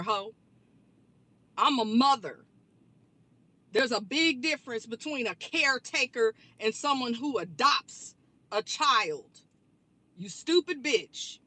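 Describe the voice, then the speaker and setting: Woman vlogger, high pitch, bright tone, blunt and profane rant. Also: no echo. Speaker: online commentary creator. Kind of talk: angry rant vlog.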